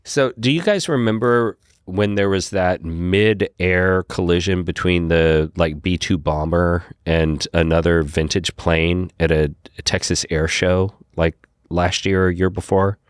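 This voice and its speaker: A man, a podcast guest, telling a story in a casual, animated way and acting out his own lines. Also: deep voice, a little slow, clear, resonant tone, no echo, studio quality. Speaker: podcast guest, whiskey brand founder.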